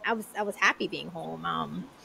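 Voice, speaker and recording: A woman's voice: lowish voice, moderate pace, gravelly, pushed and bright, a little hiss or hum, rough recording. A woman co-hosting a podcast, chatting casually and laughing easily. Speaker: podcast co-host. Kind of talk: casual conversation.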